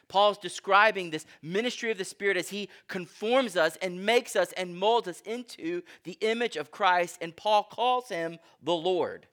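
High-voiced pastor teaching a sermon. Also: male voice, moderate pace, few pauses, a bit bright. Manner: engaging, teacherly, asks the congregation questions; reads scripture aloud with emphasis.

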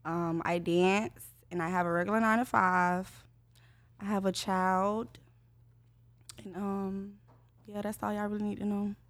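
A woman's voice: mid-range voice, little pitch movement, measured pace, no room sound. A woman in her twenties from Jacksonville, Florida, a podcast guest bantering confidently with the hosts. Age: 20s. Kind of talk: casual podcast chat.

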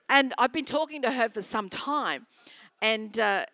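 An Australian woman pastor delivers an earnest sermon, telling stories and circling back to the same phrases. Her voice sits a little high and rings bright and forceful. It is recorded dry, with almost no room sound. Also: lively intonation, unhurried, dry recording. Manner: earnest, storytelling with repeated phrases.

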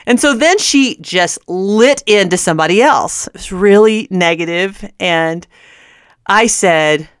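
Woman, Christian radio host, earnest storytelling, laughs between words, smooth tone. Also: lowish voice, expressive, takes it slowly, no room sound, clean studio sound. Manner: earnest, often laughing mid-sentence.

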